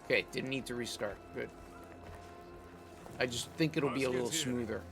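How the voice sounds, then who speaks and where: Over music, a man of medium pitch talks at a moderate pace with vocal fry. He's Italian and streaming a game, casually chatting about his play and walking through the menus with lengthy explanations.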